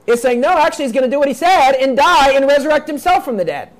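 A man's voice: very high-pitched, animated, fast talker. A man preaching a sermon, reading scripture aloud and explaining it in plain, emphatic talk, repeating his points. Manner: emphatic, repeats points, acts out quoted voices.

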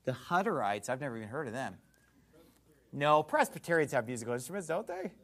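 A man's voice: medium pitch, very animated, fairly quick. A man preaching a sermon as pastor, fiery and emphatic, mocking what he thinks is foolish doctrine.

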